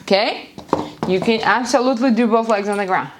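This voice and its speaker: Fairly quick and high-leaning, this instructor's voice calls out exercises, cues and countdowns energetically during a live home class. She's breathless at times, there's slight background noise, and her home is near a busy street.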